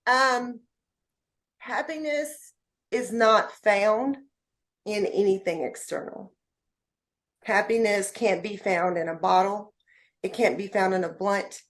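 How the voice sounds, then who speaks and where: A woman's voice: mid-range voice, slow pace, pauses often, fairly bright tone. A woman guest on a podcast, speaking heartfelt and motivational words straight to the listeners. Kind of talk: podcast interview.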